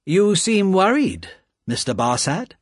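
A man reading a calm, smooth Englishman. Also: mid-range voice, dry recording, studio quality. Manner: calm, measured, quietly firm.

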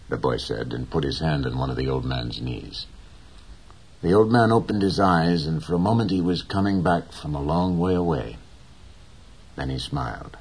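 A man narrating an audiobook in a calm, measured storytelling manner. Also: a bass voice, breathy edge.

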